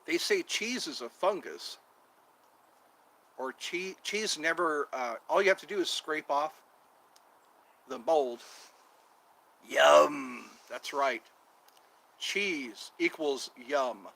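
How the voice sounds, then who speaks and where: A man with a lively, bright voice rambles through a casual outdoor livestream. He wanders from topic to topic, joking and drawing out his words at an unhurried pace. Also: on the high side, gravelly, low-quality recording. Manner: meandering, jokey, drawn-out words. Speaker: channel host.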